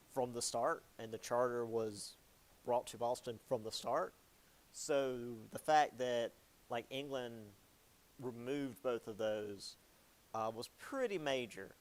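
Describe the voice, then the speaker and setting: A man's voice: medium pitch, clean tone. A young man giving a casual history lecture, chatty and jokey, with many ums and likes.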